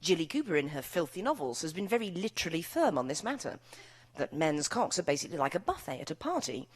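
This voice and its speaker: British woman author with a low voice that swoops up and down, doing a wry, bawdy live reading. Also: sing-song, quick pace, slightly rough. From United Kingdom. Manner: wry, bawdy comic delivery. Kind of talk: author talk and reading from her own novel. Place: live event before an audience.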